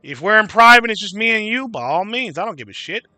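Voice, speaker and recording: A man rants to his livestream chat, swearing casually and calling out viewers by name. His voice sits high and sounds very bright and sharp. The sound is close and dry, with almost no room around it. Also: lively intonation, fast, no echo. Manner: swearing freely. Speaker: livestream host.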